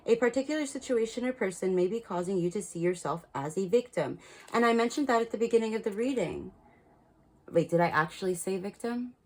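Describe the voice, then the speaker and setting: A woman's voice: mid-range voice, expressive, a little fast, darkish tone. A woman giving a casual spiritual card reading, talking frankly and chattily and laughing at her own slips. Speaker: tarot card reader.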